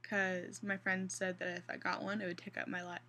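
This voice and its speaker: A woman's voice: lowish voice, little pitch movement, normal speed, sharp tone. A young woman with a Central Kansas accent chatting casually through an accent challenge, rambling with restarts and fillers. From Kansas, USA. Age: young adult. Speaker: vlogger.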